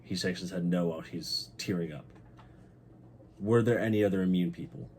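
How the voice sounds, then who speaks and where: A young man hosting his channel, recapping a TV episode in a casual, excited and heartfelt way, swearing freely. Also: low-pitched, normal speed, a little hiss or hum. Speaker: channel host.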